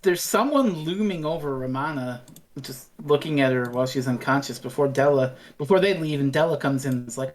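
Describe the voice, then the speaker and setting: A woman's voice: very deep voice, brisk, a little mellow. A woman co-hosting a podcast, recapping an episode in a playful, giggly way and acting out the characters' lines. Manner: playful and giggly, acting out scenes in quoted voices. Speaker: podcast co-host. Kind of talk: casual chat, recapping an episode.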